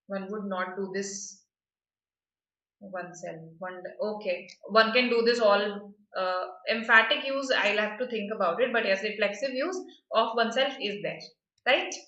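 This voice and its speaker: Bright woman teaching grammar. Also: medium pitch, a little slow, echoey room, lo-fi sound. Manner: patient, explains step by step with frequent "right?" checks. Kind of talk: online exam-prep lesson.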